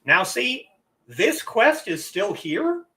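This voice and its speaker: A man's voice: high voice, big pitch swings, slow, bright, forceful tone. A man streaming a game, talking casually and poking fun at himself. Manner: chatty, self-deprecating.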